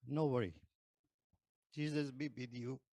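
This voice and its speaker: Slow, gravelly non-native man testifying. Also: mid-range voice, steady tone, warm tone, dry recording. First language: not English. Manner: slow, hesitant non-native English with many fillers. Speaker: ex-Muslim convert giving testimony. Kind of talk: personal testimony.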